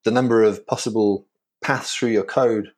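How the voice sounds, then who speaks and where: English man explaining code calmly. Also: fairly low pitch, normal speed. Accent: Yorkshire English. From England. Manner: thoughtful, explains carefully with small restarts. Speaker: guest, framework creator. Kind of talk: technical podcast interview.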